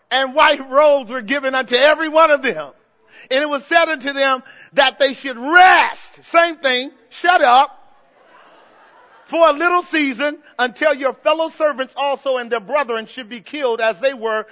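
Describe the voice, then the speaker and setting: An older male pastor preaches with a very high, bright voice. He drops to quiet asides, then rises into shouted emphasis and playful mimicry. The recording is dull and lo-fi. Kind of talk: sermon.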